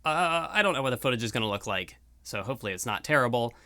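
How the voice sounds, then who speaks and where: A man's voice: medium pitch, animated, quick pace, bright, forceful tone, no echo, studio quality. A young man rambling casually through a video outro at home, self-deprecating and full of fillers. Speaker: YouTuber. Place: room at home.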